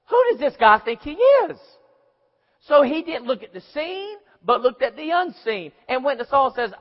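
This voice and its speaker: A man preaching a sermon, telling Bible stories with animated voices for the characters. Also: very high-pitched, normal speed. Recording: muffled recording in a reverberant hall.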